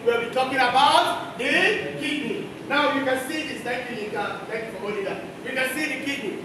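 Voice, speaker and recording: High energetic man teaching. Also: a little fast. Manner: energetic, quizzing with excited exclamations. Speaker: teacher contestant. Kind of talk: lively classroom teaching demonstration. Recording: echoey hall from far off, background noise.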